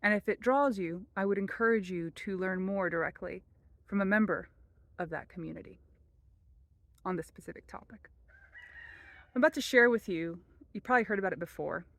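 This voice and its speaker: A woman speaks as a spiritual teacher in a calm, measured way, her voice sitting in an ordinary middle register. The recording is dry and close, with no room sound around her. When she repeats a short prayer, her voice drops nearly to a hush. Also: mid-range voice, creaky, dry recording.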